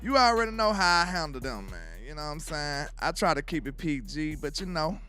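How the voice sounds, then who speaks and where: A man's voice: a little high, expressive, a little fast, bright, forceful tone, faint music behind. A man from Alabama with a Southern accent hosts casual sports commentary, loose and trash-talking, forever asking if you know what he's saying.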